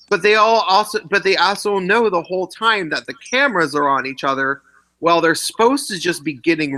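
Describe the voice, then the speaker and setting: A man hosting a casual chat after a movie, talking in animated, rambling bursts with many restarts, on a wireless clip-on mic. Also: sits high, rough recording. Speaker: vlog host. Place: indoors after a film screening.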